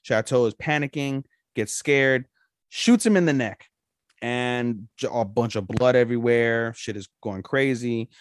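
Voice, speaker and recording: A man's voice: mid-range voice, measured pace, no echo, clean studio sound. A man co-hosting a podcast, chatting casually and rambling through a plot recap with loose, profane talk. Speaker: podcast co-host. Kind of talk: casual anime review chat.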